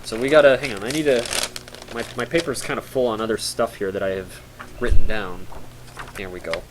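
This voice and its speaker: A man's voice: lowish voice, steady tone, brisk, background noise. A young man telling a story casually to his stream chat, with rambling fillers and mock-horror drama.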